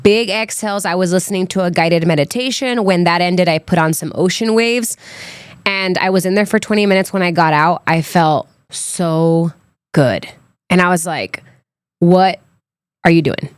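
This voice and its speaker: A young adult woman tells a personal story on her podcast in a relaxed, chatty manner, full of "like" and "um." Her voice is fairly low and smooth, at a moderate pace. It's a dry, studio-quality recording.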